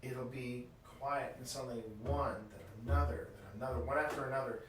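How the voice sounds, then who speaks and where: A man's voice: medium pitch, brisk. Guy ghost hunting in an old inn, sounds far from the mic, big echo. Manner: calls out to spirits in a coaxing, friendly tone. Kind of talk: live ghost hunt chat. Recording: echoey room, voice from far off, faint hiss.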